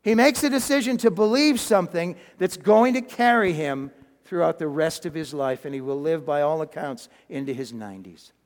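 High-voiced preacher in an echoing church. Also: male voice, moderate pace. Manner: animated storytelling, drops to a near-whisper for emphasis; chuckles and restarts sentences. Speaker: pastor. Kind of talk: sermon. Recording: long hall reverb.

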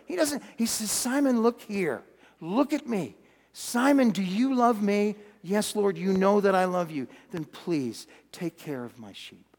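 Man preaching, high voice, animated, loud bursts and hushed lines, reverberant hall. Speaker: pastor. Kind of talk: sermon.

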